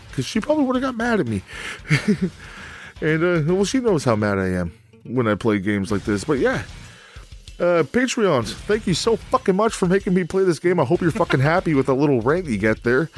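A man's voice: fairly high pitch, very animated, normal speed, faint music behind. A man co-hosting a game review, ranting angrily and swearing constantly, laughing between insults. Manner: angry, foul-mouthed, laughs between jabs. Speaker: co-host reviewing a video game. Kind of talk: profane comedic rant.

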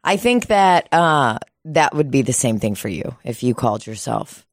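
A woman's voice: a bass voice, big pitch swings, normal speed, no room sound, clean studio sound. A woman co-hosting a casual podcast, joking crudely and laughing a lot. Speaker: podcast co-host.

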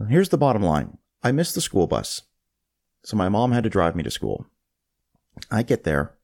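A man hosting a podcast, telling a personal story in a casual, animated way and often restarting his phrases. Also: fairly low pitch, normal speed, creaky. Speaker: podcast host.

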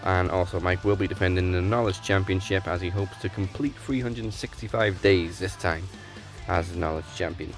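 A man's voice: deep voice, fairly even intonation, normal speed, faint music behind. A man co-hosting a podcast, chatting casually and reading out show plugs and sign-offs. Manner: plugs and reads out show details. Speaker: podcast co-host.

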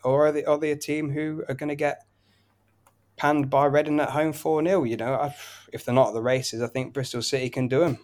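A man's voice: a little high, steady tone, brisk, a little mellow. A man co-hosting a betting podcast, giving football picks and reeling off results and prices in flowing runs. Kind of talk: casual betting tips chat.

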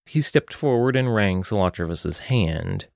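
A man narrating an audiobook with an expressive reading. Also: on the low side, measured pace, vocal fry, dry recording, studio quality.

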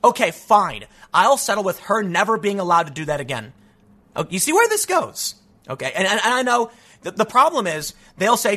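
A man's voice: high voice, big pitch swings, normal speed, bright, forceful tone. A man delivering a sarcastic, ranting opinion monologue as a commentary host.

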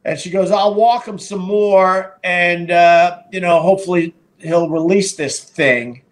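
Hosting a live stream, a middle-aged man who runs a podcast and streams recounts a story in a relaxed way. His voice sits high and moves a little slowly, and he swears, rambles, and keeps restarting amid fillers.

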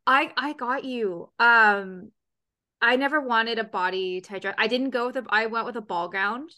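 Young woman host, bright and forceful voice, bubbly casual talker. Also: on the high side. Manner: bubbly, quick asides, repeats words when starting. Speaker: podcast host. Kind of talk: casual chat.

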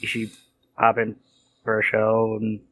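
A man's voice: fairly low pitch, completely flat delivery, measured pace, fairly bright tone, breathy edge. A man co-hosting a podcast in easygoing casual chat, recapping plainly. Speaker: podcast co-host.

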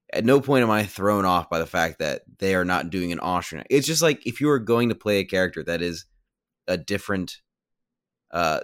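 Deep-voiced man making his case, dry sound. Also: no echo. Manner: emphatic, argues his point with rhetorical questions. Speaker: podcast co-host. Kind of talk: casual film discussion.

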